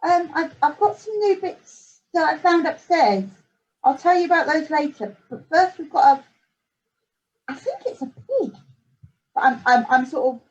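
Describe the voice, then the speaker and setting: A woman playing a tabletop game, speaking in halting starts and repeated words. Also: sits high. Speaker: player. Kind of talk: casual tabletop game chat. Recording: dull lo-fi sound.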